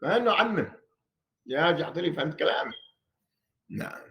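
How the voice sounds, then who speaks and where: A man with a fairly high, very lively voice teaches a religious class in a mosque. He keeps throwing questions at the people in front of him and hammers points home by saying them again and again. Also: rapid-fire, gravelly. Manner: animated, fires rhetorical questions at listeners; repeats phrases for emphasis. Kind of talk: classroom-style religious lesson. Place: mosque hall.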